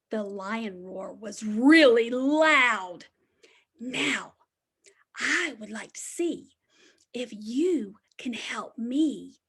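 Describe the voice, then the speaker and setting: A preschool teacher reads a picture book aloud in a sing-song, exaggerated storytime voice, slipping in whispered asides. Her voice is on the high side, fairly bright with a breathy edge, and her delivery is slow and exaggerated.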